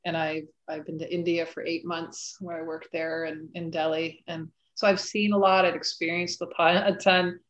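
Earnest low-voiced woman guest. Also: flat delivery, normal speed, few pauses, muffled recording. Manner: earnest, thoughtful, with many fillers. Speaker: guest author. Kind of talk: casual interview chat.

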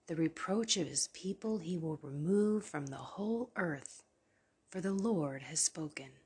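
A tired woman whispers her devotional podcast late at night, her voice extremely breathy and husky. She talks slowly, in a lowish register. Her tone is earnest and encouraging throughout. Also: darkish tone. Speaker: podcast host. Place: downstairs at home at night.

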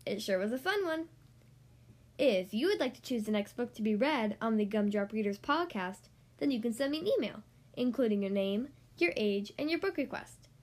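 A woman reading a rhyming children's picture book aloud in an expressive, sing-song way. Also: a little high. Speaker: podcast host reading children's books.

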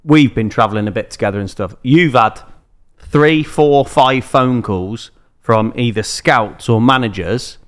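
A man's voice: medium pitch, unhurried. A man on a casual podcast, setting up curious, open questions for the host.

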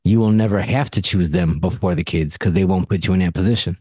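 A man's voice: low voice, fast talker, warm tone, husky, no echo, clean studio sound. A man hosting a casual podcast conversation, telling blunt stories and swearing freely. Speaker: podcast host.

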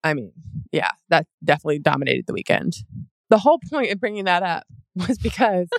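A woman's voice: fairly low pitch, very animated, a little fast, creaky, no echo. A young woman co-hosting a podcast, rambling through stories in casual chat, full of "like". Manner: rambling storyteller, lots of "like". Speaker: podcast co-host.

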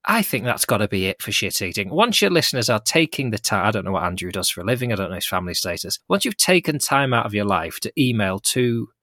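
Male podcast host, bright edge, low-set but lively pitch, wry mock-indignation, dry mic. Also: fast, hardly any pauses, dry recording. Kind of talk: casual podcast chat.

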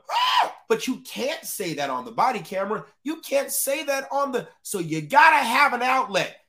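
A man's voice: extremely high pitch, bright, forceful tone. A man hosting a live-streamed podcast, talking emphatically, repeating points for stress and addressing his chat. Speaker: podcast host. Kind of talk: live-streamed commentary talk.

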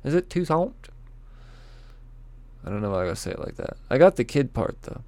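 A man's voice: on the low side, very animated, rapid-fire, warm tone, dry recording. A man rambling casually through comic previews, stumbling over names, swearing and joking at his own expense. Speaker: comics vlogger.

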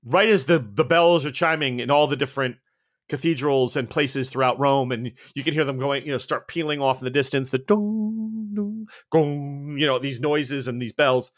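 A man's voice: medium pitch, steady tone, fairly quick, a bit bright. A man narrating a tabletop horror game as game master, casual and rambling, laughing often.

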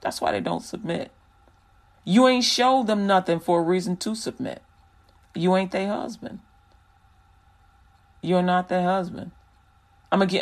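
A man's voice: high-pitched, a bit bright. A man hosting a Christian radio show, talking in a loose, slangy, rambling way and preaching casually to listeners.

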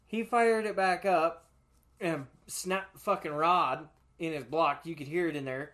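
A man's voice: fairly high pitch, lively intonation, normal speed, bright, forceful tone. A man telling profane, laughing stories in casual chat as a podcast co-host.

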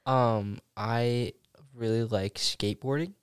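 A man's voice: medium pitch, steady tone, takes it slowly, clear, resonant tone, no room sound, studio quality. A young man, a guest on a casual chat, who rambles and fills gaps with "um" and "like". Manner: rambling with many fillers.

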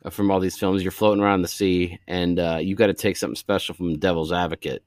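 Male podcast co-host, low voice, relaxed banter, dry studio sound. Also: fast, no echo. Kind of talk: casual comedic movie chat.

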